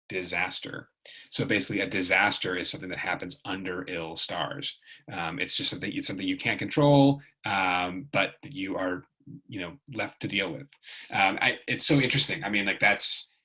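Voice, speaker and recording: A man gives a relaxed video lesson, rambling along with plenty of ums and restarts. His voice sits very low yet sounds bright and a little husky. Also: poor audio. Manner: rambling, chatty, many fillers and restarts. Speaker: tutor.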